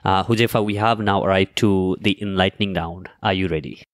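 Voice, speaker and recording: A man hosting an interview, measured and explanatory as he guides the guest. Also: sits low, steady tone. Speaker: interview host.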